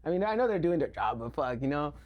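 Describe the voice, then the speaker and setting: A man, a podcast guest, telling stories in a relaxed, slangy way with constant swearing. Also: a little high, quick pace, dull audio, over a noisy crowd. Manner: profane, slangy, laid-back. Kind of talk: casual storytelling.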